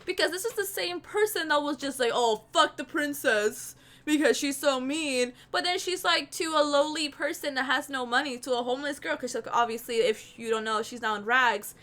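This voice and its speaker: High, bright-voiced streamer ranting. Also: female voice, fairly even intonation, brisk, hardly any pauses. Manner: loud, ranting and exasperated. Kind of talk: game playthrough commentary and reading.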